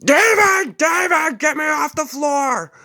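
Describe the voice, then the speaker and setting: A man voicing a drunken elderly man who yells for help in a high screech. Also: animated, slow pace, gravelly, heavily acted. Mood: screaming.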